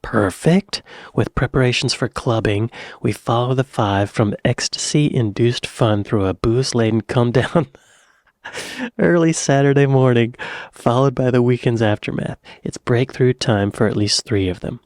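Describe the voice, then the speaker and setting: A man's voice: medium pitch, a little slow, darkish tone, dry recording. American man reacting in a dry room. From United States. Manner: reads summaries aloud, then remarks and chuckles. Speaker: reaction video host. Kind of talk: casual reaction commentary.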